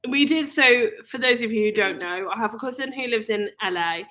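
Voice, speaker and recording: A woman's voice: on the high side, lively intonation, fairly quick, sharp tone, a little hiss or hum. A middle-aged British woman co-hosting a podcast, chatting casually with dry, teasing asides. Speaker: podcast co-host, mother. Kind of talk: casual chat.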